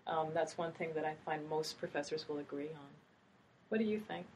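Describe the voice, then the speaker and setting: Middle-aged woman writing instructor hosting a talk, lowish voice, musing delivery, faint hiss behind. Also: fairly quick, a little mellow. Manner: thoughtful, meandering, with hesitations. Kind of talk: casual academic conversation.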